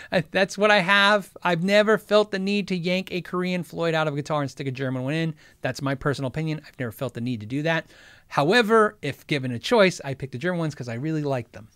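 Studio-quality audio with no room sound captures a man's clear, resonant, slightly bright voice on the high side. Hosting a guitar gear livestream, he answers viewer questions from live chat in a rambling, chatty way, full of jokes, self-interruptions, and frequent tangents.

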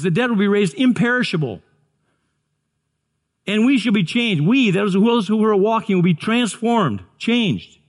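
A man preaching a sermon, earnest, often repeating and restarting words. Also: sits high. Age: 60s. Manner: earnest, stumbling restarts, builds to excited shouts. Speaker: pastor.

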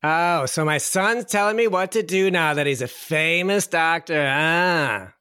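A man's voice: a little high, measured pace, bright, forceful tone, clear, resonant tone, dry recording, clean studio sound, pitched above the performer's own voice. A man voicing a guilt-tripping older mother with a New York accent, nagging and self-pitying.

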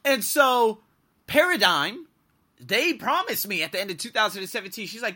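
A young man hosting his own podcast tells personal stories in a loose, animated monologue at a moderate pace. His voice is slightly high and very bright, swooping up and down as he gets into a tale, and he swears freely and laughs at his own anecdotes.

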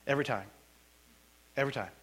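A male pastor preaching a sermon in a church, joking and conversational in an animated way. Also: medium pitch, quick pace, slightly rough.

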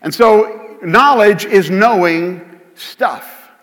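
A man's voice: high voice, very slow, fairly bright tone. A man preaching a sermon as pastor, conversational and joking at his own expense. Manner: conversational preaching with self-deprecating humor. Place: church sanctuary. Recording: long hall reverb.

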